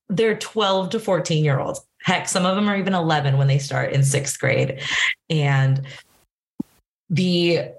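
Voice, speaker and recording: A young woman in her twenties from Southern California, a band director telling stories in a casual interview, laughing often. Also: on the low side. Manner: laughs often, animated storytelling with acted quotes.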